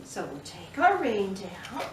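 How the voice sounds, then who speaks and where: Slow sing-songy lady doing toddler storytime, echoey room, mic kinda far off. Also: medium pitch, slight background noise. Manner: expressive storyteller, makes animal noises. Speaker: children's librarian.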